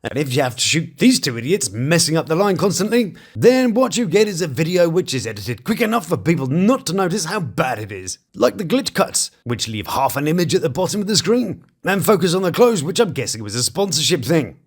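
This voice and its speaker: A man's voice: big pitch swings, a little fast, hardly any pauses. A man hosting a commentary channel, mocking reality TV stars in a dry, sarcastic way. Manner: mocking, dry asides with sudden pitch jumps.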